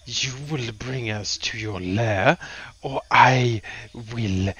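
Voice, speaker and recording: A man voicing a threatening male dragon who speaks slowly and low. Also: a bit bright, muffled recording. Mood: menacing. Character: menacing male dragon with serrated claws.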